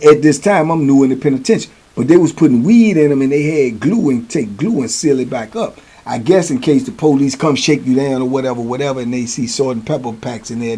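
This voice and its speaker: A man with a husky, slightly rough voice tells a story in a loose, conversational way. He keeps checking in with the listener as he goes, and his pitch sits in the middle. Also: darkish tone. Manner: conversational, keeps asking "you know what I'm saying". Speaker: host. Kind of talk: casual storytelling.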